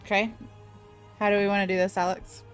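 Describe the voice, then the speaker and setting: A woman's voice: medium pitch, level tone, brisk, clear, resonant tone, soft background music. A woman playing a tabletop game, easygoing, asking short questions. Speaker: player. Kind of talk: casual tabletop game play.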